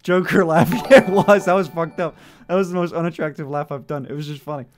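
A man's voice: a little high, fairly even intonation, fast, soft background music. A young man livestreaming, chatting casually with his viewers, joking, swearing and laughing often. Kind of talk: casual chat reading out chat messages.

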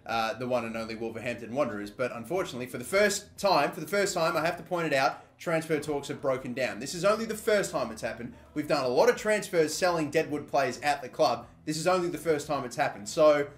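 A young Australian man talks through his football video game as he plays it. His voice sits fairly high. He is excitable, swears freely and bursts into shouts at tense moments. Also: fast talker, hardly any pauses. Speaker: gaming YouTuber. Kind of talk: live game commentary.

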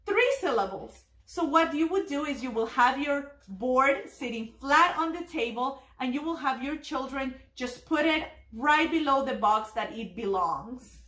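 A young woman teaching a preschool lesson to families, cheerful and encouraging, sounding out words slowly and clearly. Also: high-pitched, expressive, fairly bright tone, roomy sound. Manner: slow, clear demonstration of words. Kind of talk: virtual family event lesson.

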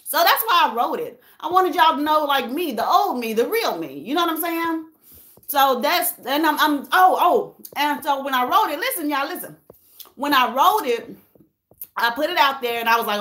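A woman's voice: sits high, expressive, fairly quick, pushed and bright. A woman vlogging about her own life, earnest and emotional, repeating herself and talking straight to her viewers. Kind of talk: emotional personal vlog talk.

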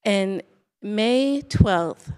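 Slow, earnest older woman giving a blessing. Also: mid-range voice, lively intonation, darkish tone, clear, resonant tone. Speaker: elder giving opening blessing. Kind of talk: spoken blessing and testimony.

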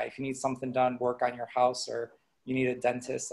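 A man from Chicago with a Chicago accent, answering questions in a relaxed, rambling way on an online video call. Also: medium pitch, brisk, gravelly. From Chicago, USA. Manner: relaxed, rambling, with fillers and restarts. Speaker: guest presenter. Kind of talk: casual online Q&A.

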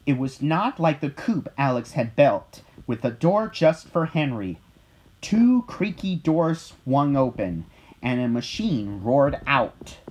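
A storyteller reading a children's picture book aloud in a gentle, expressive way. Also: mid-range voice, slow, slight background noise, low-quality recording.

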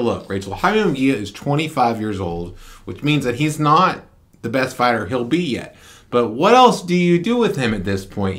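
Man, co-host, casual chat, emphatic, opinionated, middle pitch. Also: bright, forceful tone. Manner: emphatic, opinionated, quick asides. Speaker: co-host of a boxing talk show.

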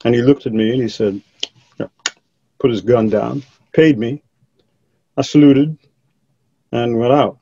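An older man tells a personal story for a documentary, slowly and with care, sometimes restarting his words. His voice is dark and mellow. The sound is dry and a little dull. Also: medium pitch, steady tone, husky, no echo. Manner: measured storytelling with hesitant restarts. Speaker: interviewee. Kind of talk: documentary interview recollection.

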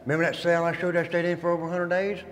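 This ex-inmate talks rapid-fire in a fairly high voice with a level tone, guiding a tour inside an old prison. He tells dramatic, folksy stories, addresses the group as "guys," and the stone hall gives his voice a long echo.

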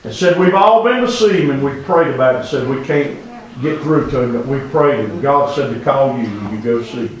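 A man preaching in a church, his voice at a middle pitch. He moves from a hushed murmur up to a near-shout, and the room around him rings with heavy echo. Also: moderate pace, recorded from a distance. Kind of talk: revival sermon. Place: church sanctuary.

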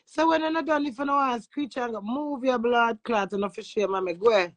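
A woman's voice: fairly high pitch, fast talker, dry recording. A Jamaican woman ranting brashly and crudely on a phone live stream, defiant toward her critics. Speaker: social media personality. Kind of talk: instagram live rant.

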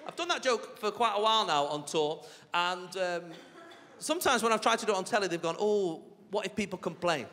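A high-pitched comedian with a bright, forceful voice and lively intonation talks a little fast as he cheekily spins stories for the audience. The set, recorded through a stage mic in a large theatre, carries hall reverb and the sound of the crowd laughing.

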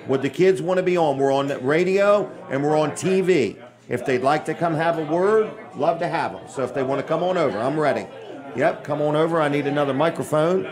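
A man's voice: a little high, fairly quick, a crowd in the background. Chatty older man hosting live. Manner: chatty and rambling, with dry jokes. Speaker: host. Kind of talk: live on-location radio and TV talk. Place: busy restaurant event.

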